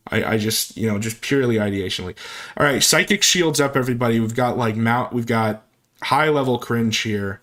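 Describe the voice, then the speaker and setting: A man's voice: medium pitch, fairly bright tone. A man giving casual, sarcastic reaction commentary on a video, breaking in with incredulous asides.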